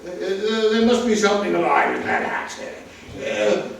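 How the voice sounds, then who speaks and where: An actor playing a dim-witted, fussy English lord on a theater stage, stammering through constant hesitant fillers. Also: male voice, high voice, very animated, moderate pace, creaky, heavily acted. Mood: befuddled. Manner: constant hesitant 'uh' fillers, muddled logic. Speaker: actor in a play reading. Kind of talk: stage play reading. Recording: very echoey theater, distant mic, faint hiss.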